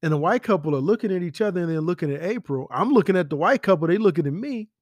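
A man telling stories about a late friend in a casual, animated way, with slang and whispered asides. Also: high voice, fast talker, no echo, muffled recording. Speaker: friend giving a spoken tribute. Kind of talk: casual storytelling.

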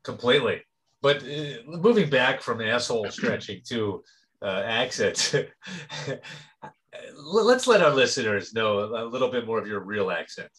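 A male podcast co-host in casual comedy banter, deadpan and crude. His voice is bright and forward, sitting at an ordinary middle pitch. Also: unhurried.

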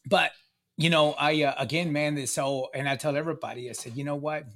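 A middle-aged guest tells a long, casual story about his recovery, swearing and speaking emphatically as he loops back with restarts and fillers. His voice sits on the high side, brisk and a bit bright, with fairly even intonation.

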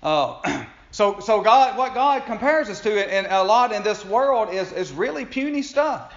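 A man's voice: high-pitched, expressive, unhurried. A man preaching a sermon in a folksy, conversational way, chuckling and restarting his sentences. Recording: echoey room, dull lo-fi sound.

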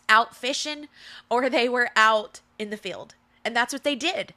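Bright-voiced woman giving a faith talk. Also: on the high side. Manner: emphatic and repetitive, preacherly. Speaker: podcast host. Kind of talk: faith-based motivational talk.

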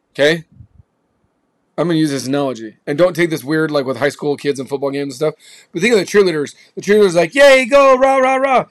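Podcast host, male, higher-pitched, slangy and forceful, a motivational speaker. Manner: emphatic, slangy, punchy. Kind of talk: motivational talk.

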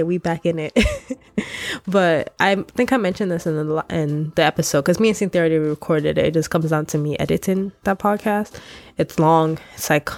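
A young Nigerian woman hosts her own podcast, her voice on the low side, darkish, nasal and congested, with no room sound. In a casual solo episode she chats candidly, using slang and laughing.

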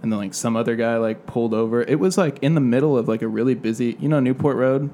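A man co-hosting a podcast, telling a story in a relaxed, rambling way with casual swearing. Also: medium pitch, fast, a little hiss or hum. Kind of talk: casual chat.

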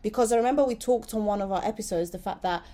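A woman from Italy co-hosting a podcast in lively, casual chat. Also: medium pitch, rapid-fire. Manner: lively, chatty, laughs often. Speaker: podcast co-host.

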